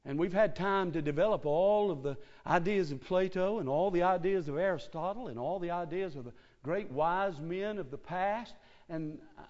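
A man with a high-pitched voice preaches a sermon, dropping into quiet storytelling and then climbing to shouted, emphatic climaxes. He repeats his key phrases for weight. The sound is dull and lo-fi, like an old church tape. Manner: swings from low talk to shouted climaxes. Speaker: Baptist preacher. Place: church service. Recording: dull lo-fi recording.

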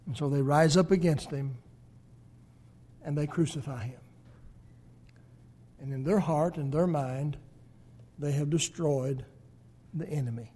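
A man preaching a sermon, swinging between loud emphatic peaks and hushed low endings. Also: unhurried, pauses often, slightly rough.

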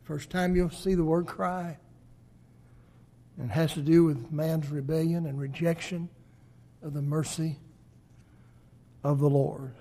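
Male preacher, slow and deliberate, slightly high-pitched, dramatic loud-soft sermon delivery. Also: fairly even intonation. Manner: swings between loud emphasis and hushed lows.

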